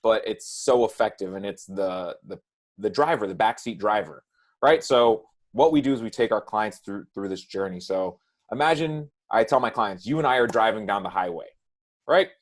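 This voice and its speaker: A man's voice: lowish voice, moderate pace. A man who works as a nutrition coach, talking casually on a podcast and often adding "right?" and "like". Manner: relaxed, says "right?" and "like" often.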